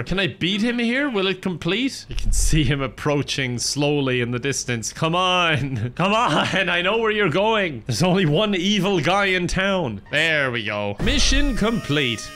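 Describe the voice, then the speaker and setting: A man's voice: fairly high pitch, expressive, normal speed, few pauses, bright, forceful tone, slight background noise. A young man commenting on a game he plays, joking and sarcastic, laughing often. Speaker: gaming host. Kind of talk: let's play commentary.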